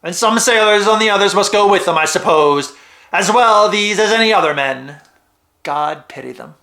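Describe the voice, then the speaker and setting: A gloomy old seafarer drawls an ominous warning in a put-on pirate accent, as a man acts him out. The voice sits fairly high and sounds bright and forceful, the words drifting slowly as the accent wanders. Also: vocal fry, reverberant, heavily acted. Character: gloomy old male sailor muttering a grim warning.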